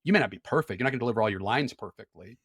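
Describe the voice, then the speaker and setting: A man's voice: lowish voice, rapid-fire, a bit bright, husky, no echo, studio quality. A man talking as a podcast guest in candid, conversational chat. He is frank, often repeats words and restarts, and laughs easily.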